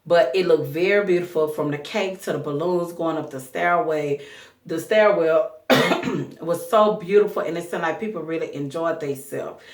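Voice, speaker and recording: Woman vlogger with a low voice and a choked-up throat, gossipy recap, echoey room, a bit off-mic. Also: normal speed, distant mic. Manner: chatty, gossipy and candid. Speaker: reality TV reviewer. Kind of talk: casual recap vlog.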